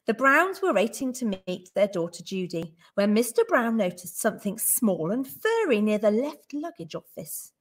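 A woman teacher reading a picture book aloud to children with clear, expressive storytelling. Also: mid-range voice, moderate pace, few pauses.

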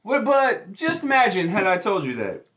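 A man's voice: high voice, very animated, moderate pace, fairly bright tone. A young man who is a sports YouTuber, mocking and gloating through a profane rant with heavy swearing. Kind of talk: profane ranting sports vlog.

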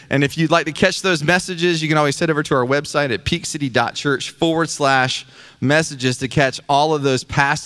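High-voiced joking pastor. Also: male voice, fairly bright tone. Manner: chatty, joking with the congregation. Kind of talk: sermon. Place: church sanctuary.

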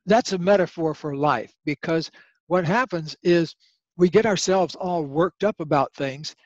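A man's voice: fairly high pitch, a little slow, dry recording, lo-fi sound. An older man, a guest author, telling stories in a podcast interview and acting out the voices in his anecdotes. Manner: animated storyteller, acts out voices in anecdotes.

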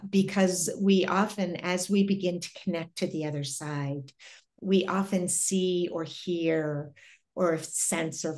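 A middle-aged woman with a fairly low voice tells a personal story as an interview guest. She talks earnestly and reflectively and often pauses and restarts her sentences. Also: darkish tone.

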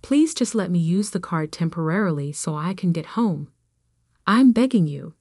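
A woman's voice: fairly low pitch, expressive, a little slow, a little mellow, breathy edge, dry recording, studio quality, heavily acted. A woman voicing a selfish, jobless husband who makes pushy, whining demands in a read-aloud story. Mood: demanding.

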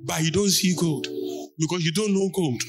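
A Ghanaian man preaching a sermon as pastor, shouting out lines and calling on the congregation to answer. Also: on the high side, moderate pace, loud music behind the voice.

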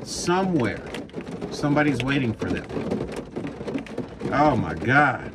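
A man's voice: mid-range voice, big pitch swings, takes it slowly, heavy background noise. Heated, profane trucker ranting from his cab. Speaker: truck driver vlogger. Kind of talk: ranting vlog while driving.

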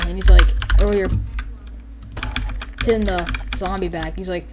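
A woman giving excitable gameplay commentary, rambling with lots of "like" and "freaking" and breaking into yelps and shouted sound effects. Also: on the low side, normal speed, pauses often, noisy background.

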